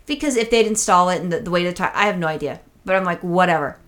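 Rapid-fire woman co-host, profane and exasperated, tells rambling stories and quotes other people. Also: lowish voice, animated, background noise. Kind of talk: casual storytelling chat.

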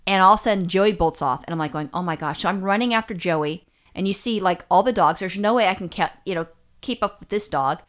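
A woman's voice: medium pitch, fast talker. A woman co-hosting a casual chat, telling blunt, profane stories with lots of restarts. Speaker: podcast co-host.

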